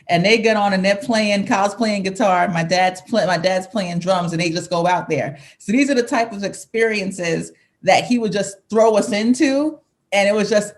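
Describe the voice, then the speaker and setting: Laughing woman reminiscing, loose and chatty. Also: on the low side. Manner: warm, laughing often, rambling with restarts. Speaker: interview guest, singer. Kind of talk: casual reminiscing.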